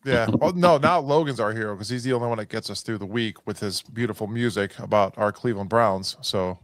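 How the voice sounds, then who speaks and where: A man's voice: fairly low pitch, fairly quick, dry recording, studio quality. A man hosting a casual sports podcast, reading stats and joking with his co-hosts. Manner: reads stats, jokes around. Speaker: podcast host.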